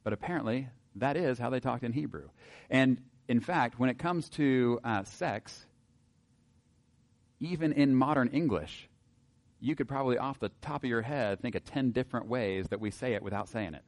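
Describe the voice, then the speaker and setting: A man giving a casual, wry Bible teaching to a group, often pausing on filler words and reading passages aloud. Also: mid-range voice.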